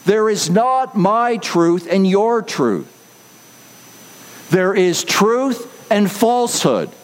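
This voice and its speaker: A man's voice: high-pitched, sing-song, extremely slow, in a large hall. A man preaching a sermon from the pulpit, emphatic and repeating key phrases for stress. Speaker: pastor.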